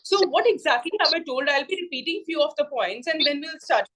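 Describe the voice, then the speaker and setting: A woman with an Indian English accent teaching a spoken English class over a video call, explaining points slowly and repeating herself. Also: high-pitched, animated, a bit bright, rough recording.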